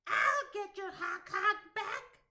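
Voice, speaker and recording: A woman voicing a small, anxious but brave male goblin in a storybook read-aloud, with a high squeaky voice. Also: slow, sharp tone, exaggerated voice. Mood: earnest.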